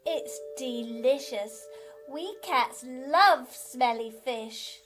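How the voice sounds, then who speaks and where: A woman voicing a playful childlike cat who loves smelly fish, talking in a slow, squeaky, sing-song way for a children's TV show. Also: lively intonation, faint music behind, full character voice. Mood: cheerful.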